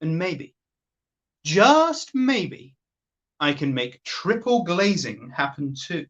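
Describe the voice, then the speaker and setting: A woman's voice: lowish voice, big pitch swings, slow, muffled recording, heavily acted. A woman playing a boastful, sleazy office boss. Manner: boastful and flirtatious. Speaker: sketch performer. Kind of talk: comic monologue on a phone call.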